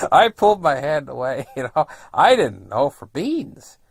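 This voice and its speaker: A man's voice: on the high side, big pitch swings, measured pace, vocal fry, breathy edge, no room sound, studio quality. A man in his fifties telling a long childhood story in a rambling, folksy way, with many fillers. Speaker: vlogger. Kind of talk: casual storytelling.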